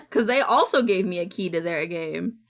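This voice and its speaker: A woman's voice: medium pitch, animated, normal speed. A woman streaming live, chatting casually and rambling while reading on-screen text aloud. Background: music playing.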